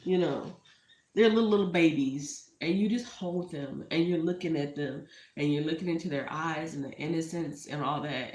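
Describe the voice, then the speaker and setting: A woman's voice: deep voice, moderate pace, a little mellow. Heartfelt rambling woman in an echoey room. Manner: rambling, heartfelt, drifts into asides. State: emotional. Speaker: entrepreneur vlogger. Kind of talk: casual talk to camera. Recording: roomy echo.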